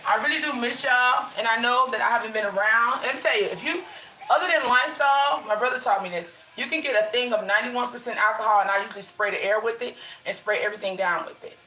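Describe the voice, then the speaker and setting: A vlogger with a high-leaning, sharp voice talks quickly in a roomy, rough recording with slight background noise. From her bedroom she chats casually and ramblingly with viewers on a livestream, calling them y'all, restarting often, and sounding like she has a runny nose.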